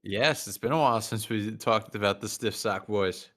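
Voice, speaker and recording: A man's voice: lowish voice, moderate pace, fairly bright tone. A man co-hosting a comedy show, answering in hesitant, laid-back replies. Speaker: co-host. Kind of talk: casual chat.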